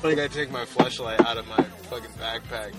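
A man's voice: mid-range voice, fairly even intonation, a little fast, over music. A young man co-hosting a crude comedy podcast, rambling with lots of fillers and laughing at his own jokes. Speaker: podcast co-host.

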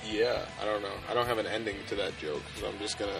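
A man's voice: fairly low pitch, quick pace, creaky. Young male co-host, rambling crude comic, filler-heavy, music bed underneath. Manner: rambling, filler-heavy, laughing at own jokes. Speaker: podcast co-host. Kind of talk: crude comedic banter.

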